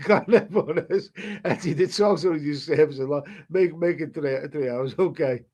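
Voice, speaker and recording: A man's voice: fairly high pitch, moderate pace, darkish tone. A middle-aged man hosting a casual live stream, sniffling with hay fever, blunt and crude, swearing freely and stammering as he reads viewer comments. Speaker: YouTube host reading live chat.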